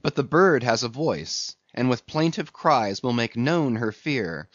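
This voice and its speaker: Male audiobook narrator, expressive dramatic reading, dull lo-fi sound. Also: mid-range voice, measured pace, dry recording. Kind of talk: scripted narration. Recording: dull lo-fi recording.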